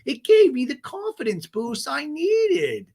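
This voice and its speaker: A man impersonating a bubbly, sentimental female reality star in a sing-song, drawn-out way. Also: extremely high pitch, big pitch swings, a little mellow, pitched above the performer's own voice, heavily acted. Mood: proud.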